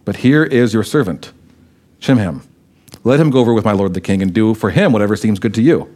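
A man's voice: lowish voice, expressive, a little fast, darkish tone. A pastor preaching a sermon, who reads scripture aloud and then explains it in a conversational way, his voice rising when he quotes the tribes' arguments.

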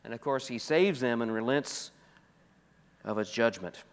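Male pastor, mid pitch, smooth and resonant, emphatic delivery in a reverberant church hall. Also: lively intonation, unhurried. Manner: emphatic, swings from loud to soft. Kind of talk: expository sermon.

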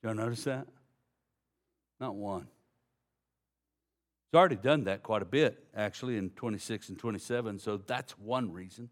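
A man preaching a sermon, folksy and direct with the congregation, swinging from low, quiet passages to loud emphasis. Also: moderate pace, long pauses. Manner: folksy, addresses congregation as y'all. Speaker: pastor.

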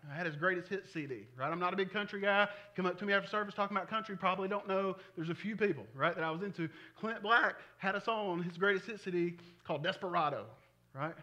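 Male pastor, 40s, high ringing voice, chatty animated preaching. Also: dull audio. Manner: conversational, animated preaching with frequent chuckles. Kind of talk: sermon.

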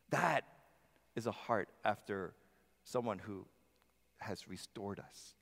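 A male pastor preaching a sermon in a church, emphatic, swinging between loud passages and soft ones. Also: lowish voice, takes it slowly, vocal fry, long pauses. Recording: long reverb of a large hall.

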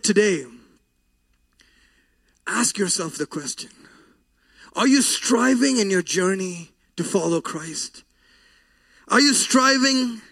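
A man's voice: extremely high pitch, fairly bright tone. A man preaching a sermon, telling a story in an earnest, emotional way. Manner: earnest, emotional, slow deliberate delivery.

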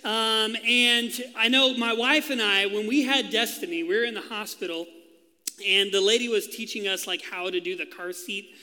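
High, bright-voiced pastor in a reverberant hall. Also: male voice, steady tone, normal speed. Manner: playful storytelling with acted-out quotes. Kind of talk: sermon. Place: church hall.

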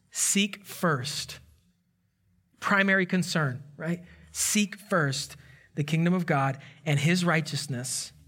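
A man preaching with a high, bright voice. He tells stories as he preaches and acts out the voices of the people in them. He sounds like a pastor in his thirties. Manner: storytelling with animated quoted voices. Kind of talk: sermon.

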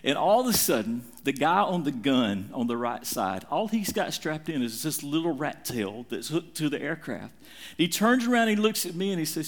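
A middle-aged man preaching a sermon, telling a story with dramatic, animated swings in his voice. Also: normal speed. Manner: animated, dramatic retelling with big swings in pitch. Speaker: pastor.

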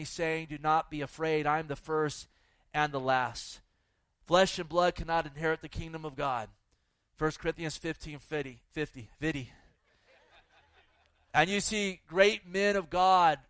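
A man's voice: high voice, a bit bright, clean tone, no echo. A male pastor preaching a fervent sermon to a church audience, exhorting the listeners and reading scripture. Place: church with a live and online audience.

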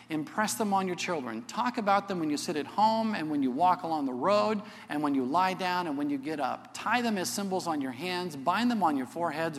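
A middle-aged man preaches to his congregation in a relaxed, sincere way, punctuating his points with "okay?" His voice sits a little high and has a fairly bright tone, echoing with the long reverb of a big church auditorium.

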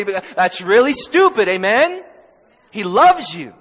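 A man's voice: sits high, very animated, unhurried, a bit bright, in a large hall, rough recording. A man preaching a sermon in a church, impassioned and conversational, often checking in with "amen?". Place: church sanctuary.

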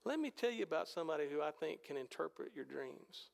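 Man, pastor, sermon, high voice, gravelly edge, animated storytelling, rhetorical questions, long hall reverb. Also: fairly quick.

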